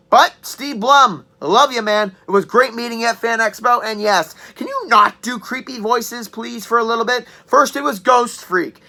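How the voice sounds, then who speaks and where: A woman in her twenties giving a chatty, joking game review and clearing her throat now and then. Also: on the high side, pushed and bright. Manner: chatty, enthusiastic, joking asides. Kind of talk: casual spoken review.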